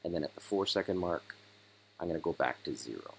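A man hosting a casual step-by-step software tutorial, hoarse as he is losing his voice. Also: low-pitched, expressive, brisk, slight background noise, poor audio. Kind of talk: screen-recorded software tutorial.

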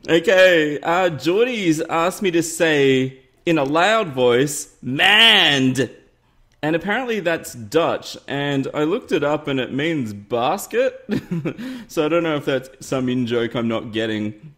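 A man's voice: a little high, expressive, takes it slowly. A man hosting a casual game tutorial, chatty and upbeat, often laughing at himself. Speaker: gaming YouTuber host. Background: faint game music.

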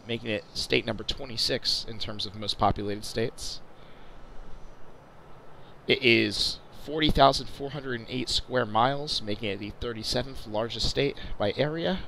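A man's voice: mid-range voice, creaky, a bit bright, slight background noise, rough recording. Chatty young man narrating a sim flight. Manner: chatty, lots of uh fillers and restarts. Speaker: video host. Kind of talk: casual flight sim commentary.

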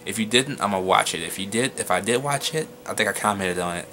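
A young man talks through a loose, rambling vlog, cursing casually and tripping over names. His voice sits low but comes across forceful and tense. Faint background noise runs under the recording. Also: expressive, fast. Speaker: YouTuber giving shoutouts.

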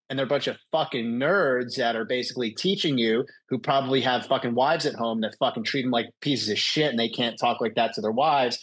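A man's voice: medium pitch, husky. A young adult man, a doctor guest, telling a story in casual chat over a video call, swearing freely and acting out the people he quotes. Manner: profane, animated, acts out quoted people.

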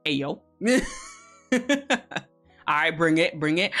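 A woman's voice: deep voice, expressive, slow pace, pauses often, fairly bright tone, soft background music. A woman streamer hosting a co-working stream, chatting casually with viewers in a teasing, profane, giggly way.

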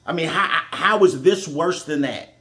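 A man with a fairly high voice, talking bluntly and with heat. He swears freely and drives his points home like a sermon, giving his own reaction commentary. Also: measured pace, pushed and bright. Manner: blunt, heated, profane, preachy. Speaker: reaction show host.

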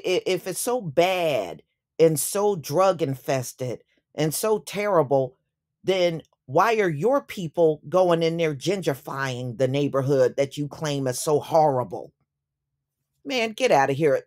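A woman's voice: low-pitched, animated, takes it slowly, a little mellow. A woman delivering an opinion commentary vlog, speaking emphatically and indignantly and repeating phrases for effect. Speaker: YouTube commentator.

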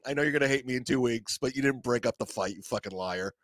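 A man hosting a comedy podcast, telling a profane, animated story in a casual way and acting out the voices of others. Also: medium pitch, fast talker, dry recording.

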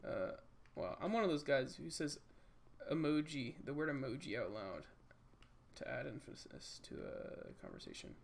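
A man's voice: a little high, gravelly, a little hiss or hum. A man giving casual let's-play commentary, joking and rambling and talking to the enemies on screen. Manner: jokey, rambling, talks to game enemies. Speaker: gaming channel host.

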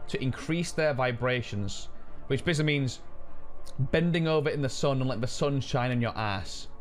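A man chatting casually and swearing excitably while streaming a video game. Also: mid-range voice. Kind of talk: casual gaming stream chat.

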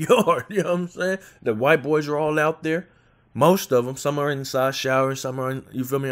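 Man in his 20s from California, casual street storyteller, loose and laughing. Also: mid-range voice. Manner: streetwise slang, laughs often, animated retelling.

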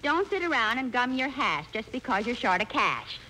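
A woman's voice: on the high side, big pitch swings, moderate pace. Breezy woman trading gags on old radio. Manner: dry, breezy punchline delivery. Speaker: comedic co-star. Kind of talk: 1940s radio comedy. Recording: very hissy 1940s radio broadcast.

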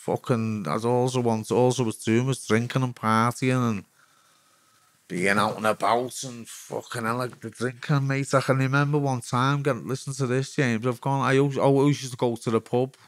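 A Liverpool man in his forties tells his own story as a guest, rambling and swearing freely. His talk is frank and unpolished, at an everyday pitch for a man. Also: fairly even intonation, normal speed. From Liverpool, England. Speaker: guest, former footballer. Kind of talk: candid storytelling.

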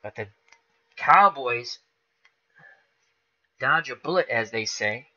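Bright-voiced man calling a dice football game. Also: medium pitch, takes it slowly, dull audio. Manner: casual, explains dice rolls aloud, excitable at big plays. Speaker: tabletop football game host. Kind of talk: live-streamed dice game play-by-play.

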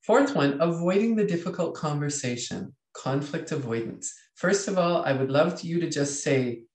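A man, a leadership coach teaching a webinar in a lively way, reading out chat comments and acting out inner voices. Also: a little high, moderate pace, roomy sound.

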